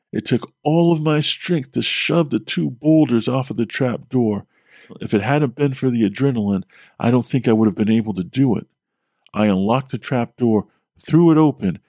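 A man telling a scripted horror story as a podcast host, steady and measured. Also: medium pitch, vocal fry, dry recording, studio quality.

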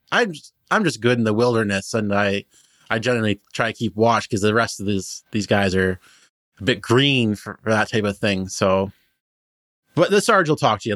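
A man's voice: on the low side, animated, normal speed, a bit bright, no room sound, studio quality. A man voicing a cheery, chatty male halfling shepherd guiding travelers in a tabletop game. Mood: friendly. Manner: friendly, chatty, modest.

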